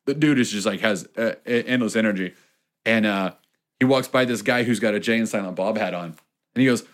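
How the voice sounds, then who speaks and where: A man in casual chat, telling a story and acting out the people in it. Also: brisk. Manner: animated storyteller, acts out quotes in a much higher voice.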